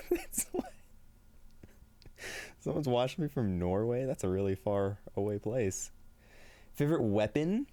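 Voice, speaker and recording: His voice is on the low side, creaky and mellow, captured in a dry recording as he streams live. The man chats casually and upbeat with viewers, reads chat aloud, and laughs often, though he seems tired and a bit shaky.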